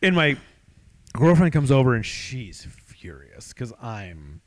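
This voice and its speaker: A man's voice: mid-range voice, big pitch swings, slow pace. A man co-hosting a podcast, telling a story in casual chat, swearing freely and laughing as he goes. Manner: swears a lot, laughs through his own story. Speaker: podcast co-host.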